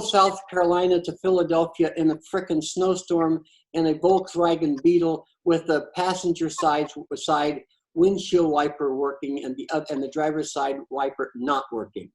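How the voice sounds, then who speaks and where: A man's voice: a little high, fairly even intonation, measured pace, poor audio. A man talking in a casual, conversational storytelling style, blunt and profane, often stammering and restarting his sentences. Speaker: patio chat host.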